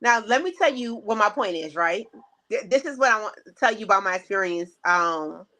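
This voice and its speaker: A podcast co-host tells a story in casual conversation, animatedly acting out the quoted lines of the people involved. Her voice is medium-pitched and she talks briskly.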